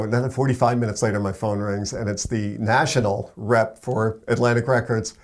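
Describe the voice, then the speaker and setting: A man, a radio program director and morning show co-host, tells an animated story and acts out the quoted voices. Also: fairly low pitch, normal speed.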